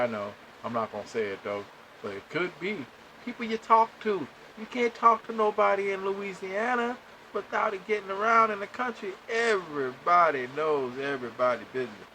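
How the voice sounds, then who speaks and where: A man hosting a podcast, telling a story to listeners in an animated way and acting out the dialogue. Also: sits high, slight background noise, rough recording. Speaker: podcast host.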